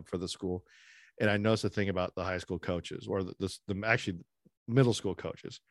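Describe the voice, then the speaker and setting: A middle-aged man co-hosting a podcast, animated and opinionated in casual chat. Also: on the low side, no room sound, studio quality. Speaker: podcast co-host.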